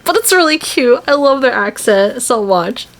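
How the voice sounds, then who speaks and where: A young American woman chats casually in a vlog about her year teaching English in Korea, telling animated stories full of "like" fillers. Her voice sits high with vocal fry at a moderate pace.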